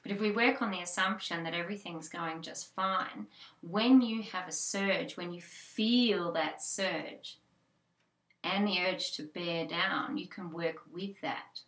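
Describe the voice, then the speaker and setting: An Australian-accented childbirth educator speaks at a measured pace in a lowish, slightly bright voice. Her informal talk is conversational and marked by frequent fillers and restarts, and the recording sounds roomy.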